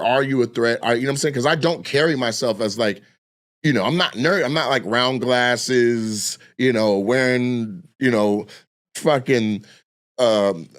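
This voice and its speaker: Male, 30s, stand-up storyteller; profane, animated, slips into voices. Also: mid-range voice. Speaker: comedian telling stories. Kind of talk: casual storytelling.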